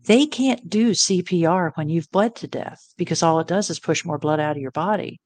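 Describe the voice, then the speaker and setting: A middle-aged woman appears as an interview guest telling a personal story, her voice on the low side and darkish, at normal speed. She is earnest and reflective, quoting her own thoughts as she goes.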